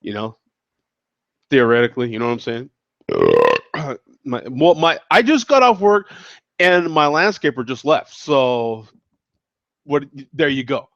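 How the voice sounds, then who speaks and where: A man's voice: medium pitch, huge pitch swings, measured pace, gravelly, long pauses, a bit bright, no room sound. A man hosting a casual beer-tasting show, rambling in a laid-back way, slightly congested from a cold. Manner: laid-back, rambling, peppered with "you know what I'm saying". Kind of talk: casual beer review chat. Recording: dull lo-fi dry sound.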